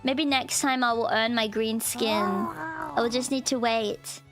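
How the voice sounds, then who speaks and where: Giggly girl streamer, high voice, slow and rambly, faint music behind. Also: a bit bright. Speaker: streamer, VTuber. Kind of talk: casual live-stream chat.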